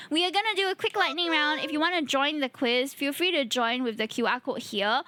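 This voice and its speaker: A woman's voice: sits high, a little fast, hardly any pauses, pushed and bright, no echo. A tired woman streamer, chatting playfully and addressing her chat. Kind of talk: casual live-stream chat.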